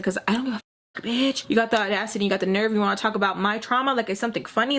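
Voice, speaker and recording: A young woman tells a casual storytime in a mid-pitched voice, blunt and heated, with plenty of swearing. She slips into other people's lines as she goes, jumping between her own narration and their voices. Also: fast, a bit bright. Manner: blunt and profane, heated venting; acts out quoted dialogue in shifting voices. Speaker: storytime vlogger.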